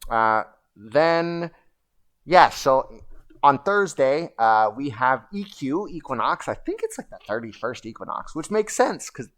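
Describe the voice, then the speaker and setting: A man hosting a casual livestream, rambling and animated as he tells stories and answers viewer questions. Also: medium pitch, a little slow. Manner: rambling and animated, chanting and shouting at times. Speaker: livestream host.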